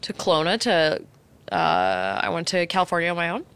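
A woman's voice: fairly low pitch, very animated, brisk, fairly bright tone, smooth. A young woman from Canada, co-hosting a podcast and animatedly telling a story, swearing a lot. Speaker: radio podcast co-host. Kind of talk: casual chat, storytelling.

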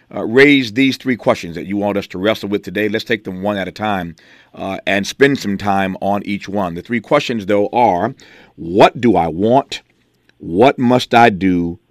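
Deep-voiced male radio host, dry studio. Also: dry recording. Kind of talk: radio talk show hosting. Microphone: studio mic.

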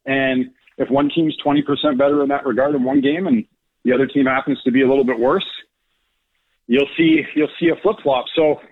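A man's voice: a little high, breathy edge, no echo. A man calling in as a hockey analytics analyst, explaining stats thoughtfully with hesitant restarts. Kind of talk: call-in sports analysis. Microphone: phone. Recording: phone line.

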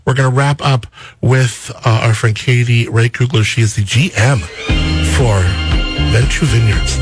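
A man hosting a radio morning show from the studio, chatting with a guest in an upbeat, enthusiastic way, slipping into sing-song promo lines. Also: medium pitch. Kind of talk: casual radio interview chat. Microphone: studio microphone.

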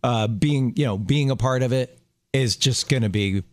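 A man's voice: mid-range voice, moderate pace, no echo, clean studio sound. A middle-aged man co-hosting a show, joking in laid-back banter. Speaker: radio show co-host. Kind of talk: casual chat.

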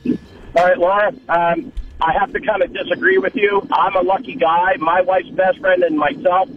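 A man calling in to a radio show, calmly arguing his point. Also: high-pitched, normal speed. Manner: reasoned, argumentative. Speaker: caller. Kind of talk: call-in radio talk. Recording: noisy phone line.

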